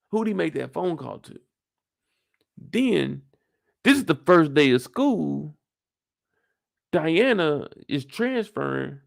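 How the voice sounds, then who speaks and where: A man hosting a casual episode recap, animated and profane, firing off rhetorical questions. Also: a little high, takes it slowly, creaky, long pauses, no room sound, studio quality. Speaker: show recap host.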